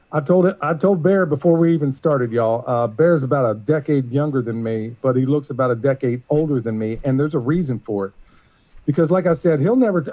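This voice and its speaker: A man hosting a live-streamed show, introducing a guest in an earnest, emotional, rambling way. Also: medium pitch. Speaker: podcast host. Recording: muffled lo-fi stream audio.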